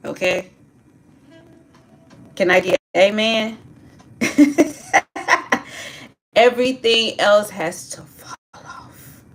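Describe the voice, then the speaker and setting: A woman leading a group through spoken affirmations in a slow, emphatic call-and-response, urging them to repeat after her. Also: medium pitch, a little hiss or hum.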